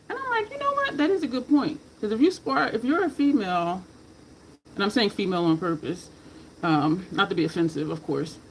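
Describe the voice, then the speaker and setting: A woman's voice: mid-range voice, darkish tone, slight background noise, low-quality recording. A woman chatting casually while she does her makeup, rambling from story to story, laughing and cursing freely. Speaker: makeup vlogger.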